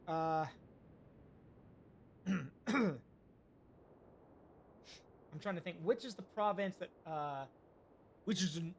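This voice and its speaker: A man's voice: high-pitched, animated, extremely slow, long pauses, slight background noise. A man streaming a naval strategy game, thinking aloud with hesitations and chatting to his viewers. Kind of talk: live gameplay commentary.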